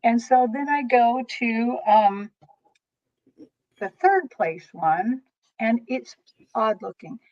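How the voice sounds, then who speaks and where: A woman reader telling an animated story in casual chat, with quick exclamations. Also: fairly high pitch, dull audio. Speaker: tarot reader guest.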